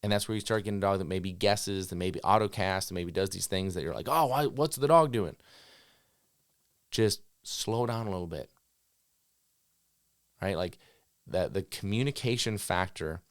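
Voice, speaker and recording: A man who trains dogs, giving an instructional talk in a direct, coaching way and acting out owners' commands and dogs' thoughts in quick voices. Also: sits low, fairly even intonation, smooth, no room sound, studio quality. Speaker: dog trainer.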